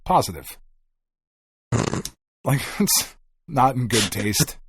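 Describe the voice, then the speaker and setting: Animated profane man ranting on a podcast. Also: medium pitch, takes it slowly, noisy background. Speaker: podcast co-host. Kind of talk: casual chat.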